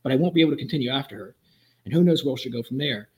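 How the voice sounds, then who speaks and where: A middle-aged man, a police officer guest on a podcast, telling a story fast and animatedly, acting out the lines he quotes. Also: mid-range voice, animated, a little mellow.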